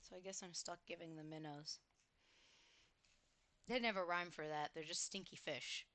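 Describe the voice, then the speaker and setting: A woman's voice: lowish voice, steady tone, normal speed, fairly bright tone, no room sound. A woman streamer chatting casually while gaming, gushing, giggling and exclaiming often.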